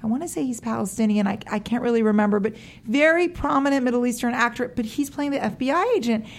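Chatty laughing actress, fairly high voice. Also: female voice, fast, gravelly. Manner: chatty, laughs often, says "like" a lot. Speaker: actress guest. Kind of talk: casual interview chat.

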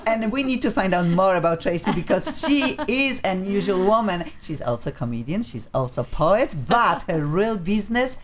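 A woman hosts a live talk show in a chatty, playful way, often stopping to restart her sentences. Her pitch swings lively, and the sound is a little dull and lo-fi. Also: moderate pace, hardly any pauses, a little hiss or hum. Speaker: host.

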